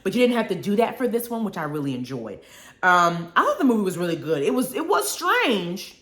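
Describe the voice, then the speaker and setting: Woman host, lively swooping pitch, animated, laughs a lot, casual live chat, roomy echo. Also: fairly quick. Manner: animated, expressive, laughs often, drawls "honey" and "y'all". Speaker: radio show host. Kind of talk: casual live-stream chat reading viewer comments.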